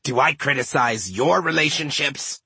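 A man voicing a gruff, blunt adult male dwarf god who growls and mumbles his lines in an audiobook. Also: mid-range voice, moderate pace, bright, forceful tone, no echo, heavily acted.

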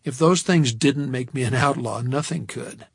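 A man narrating an audiobook in a wry, measured storytelling manner, recorded close to a studio microphone. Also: mid-range voice, creaky, slightly rough, dry recording.

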